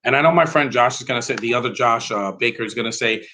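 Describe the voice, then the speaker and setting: Casting: male host, mid-pitch, rambling and opinionated live movie commentary. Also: quick pace, hardly any pauses, sharp tone, rough recording.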